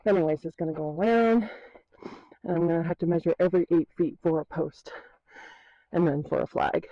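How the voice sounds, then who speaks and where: Mellow, breathless woman vlogging outdoors. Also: fairly low pitch, fairly even intonation, a little fast, no echo, dull audio. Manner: chatty, self-deprecating, laughing. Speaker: horse trainer vlogger. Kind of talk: casual outdoor vlog walkthrough. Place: outdoors at a horse paddock.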